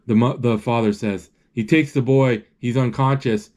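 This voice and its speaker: A man narrates a movie live, his mid-range voice a little mellow and his intonation fairly even. He pauses often to find words, frequently restarting and dropping in fillers.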